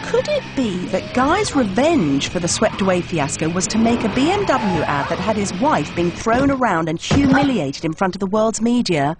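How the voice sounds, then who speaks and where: A woman's voice: mid-range voice, big pitch swings, moderate pace, hardly any pauses. A woman narrating a documentary in a wry, mocking scripted voice-over. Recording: voice-over with music behind.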